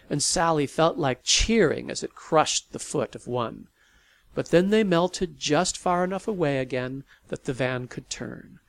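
A man narrating a novel in an expressive storytelling manner. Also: medium pitch, no room sound. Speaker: audiobook narrator. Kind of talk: scripted narration.

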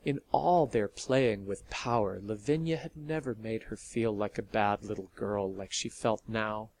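A man reading a story aloud in a steady, measured narration. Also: lowish voice.

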